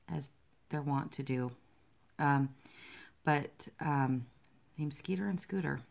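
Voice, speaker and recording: Low, gravelly-voiced woman chatting casually. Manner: rambling, self-deprecating, easily distracted by her pets. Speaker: cross-stitch designer and vlogger. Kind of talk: casual chat while stitching.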